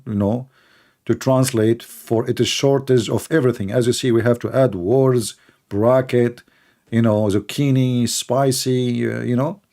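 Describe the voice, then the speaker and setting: A middle-aged man hosting a combative live debate, talking fast with a mocking, sarcastic manner. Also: mid-range voice, mellow. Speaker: host debating a caller.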